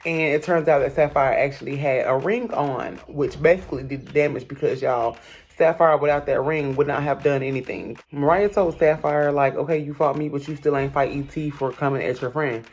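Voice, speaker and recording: A woman's voice: sits low, fairly quick, a little mellow, slight background noise. A woman hosting a casual, gossipy recap of a reality show, talking straight to her viewers in a sassy voice. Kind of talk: casual chat.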